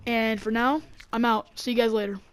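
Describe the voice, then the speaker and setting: A young woman rambling through a story on her channel, full of fillers and quick laughs. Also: fairly high pitch, steady tone, slight background noise. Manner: rambling, filler-heavy, laughing between lines. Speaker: YouTuber. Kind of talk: casual storytelling.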